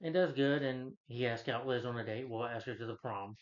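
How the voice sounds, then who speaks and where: A man talks through a film's plot in a loose, rambling way, often stopping to correct names. His voice sits at an ordinary middle pitch. The recording is dull and slightly lo-fi. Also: brisk. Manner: rambling, self-correcting, retells scenes with "he's like" quotes. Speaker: film reviewer. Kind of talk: casual spoken film recap.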